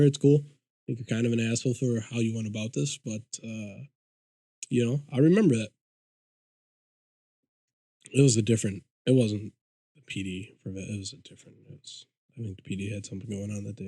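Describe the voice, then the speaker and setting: On a podcast, a male guest tells a story in casual chat, swearing freely and animatedly acting out what people said. His voice is fairly low, fast and husky, with no room sound.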